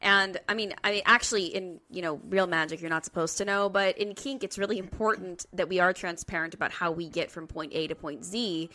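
A woman's voice: fairly low pitch, steady tone, fairly quick, hardly any pauses, bright, forceful tone. A woman co-hosting a podcast, making articulate, analytical points in casual talk. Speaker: podcast co-host. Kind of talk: casual discussion. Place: room at home with open windows.

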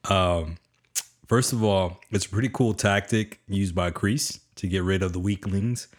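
Low-voiced laid-back podcast host. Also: male voice, unhurried. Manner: laid-back, peppers sentences with "man" and "you know". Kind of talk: casual recap chat.

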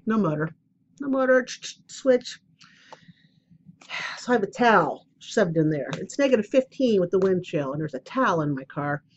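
A woman's voice: mid-range voice, animated, moderate pace, highs cut off, slight background noise. A woman chatting casually at home for her vlog, rambling and self-deprecating as she tells stories before an oracle card reading. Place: at home, indoors.

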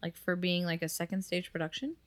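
A woman with a lowish, level voice talks briskly as a podcast co-host. The chat is casual, and she's talkative and giggly, packing her sentences with "like."

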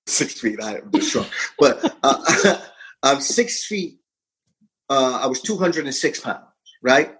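A man in his fifties, a fitness coach, telling a personal story in a lively, casual way, jumping in pitch for emphasis and laughing often. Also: breathy edge, low-quality recording. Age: 50s. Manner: animated, swings pitch widely for emphasis; frequent laughter and profanity.

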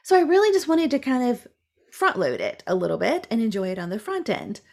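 A woman's voice: fairly high pitch, a little fast. A woman podcast co-host telling a personal story in casual, chatty talk, full of "like" fillers. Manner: chatty, animated, frequent "like" fillers.

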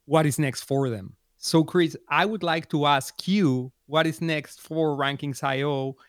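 Man, podcast host, smooth clear voice, slightly high, enthusiastic. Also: fairly even intonation, measured pace, dry recording, clean studio sound. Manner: enthusiastic, praising. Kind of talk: casual interview hosting.

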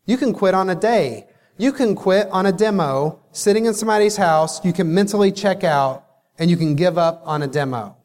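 Male keynote speaker, high-pitched and emphatic, motivational storytelling, reverberant hall sound. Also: darkish tone. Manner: emphatic, storytelling with dramatic pauses.

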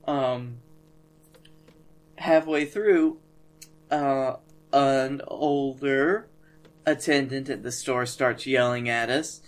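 A man, co-hosting a podcast and telling stories in a dry, deadpan way. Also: medium pitch, very slow, pauses often. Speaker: podcast co-host. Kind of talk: casual comedic storytelling.

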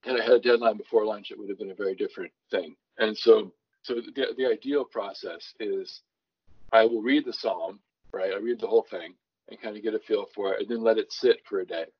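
A man's voice: lowish voice, steady tone, a little fast, breathy edge, lo-fi sound. A man who writes songs from scripture, explaining his process in a thoughtful conversational way, often restarting his sentences. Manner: thoughtful, restarts often, reads scripture aloud with varied emphasis. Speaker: songwriter guest.

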